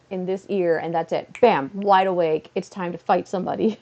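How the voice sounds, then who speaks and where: In a muffled recording, a Canadian woman chats casually on a livestream from a beanbag at home, rambling with lots of "like." Her mellow voice is fairly low and steady in tone, and her pace is fairly quick.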